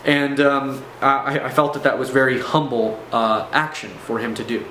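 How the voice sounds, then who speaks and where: A man's voice: medium pitch, steady tone, moderate pace, bright, forceful tone. Man telling a story in an echoey room. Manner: conversational and digressive, with asides to viewers. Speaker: storyteller recounting a personal experience. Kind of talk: casual first-person storytelling to camera. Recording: echoey room with faint background hum.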